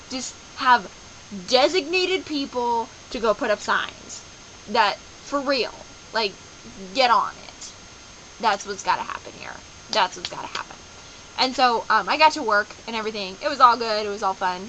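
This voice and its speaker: A young woman talks straight to camera in a loose, rambling video-diary style, bouncing between stories. Her voice is bright and a little high. A faint hiss sits under the recording. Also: moderate pace, low-quality recording. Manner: chatty and rambling, animated with playful voices. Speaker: vlogger. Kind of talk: casual daily video diary.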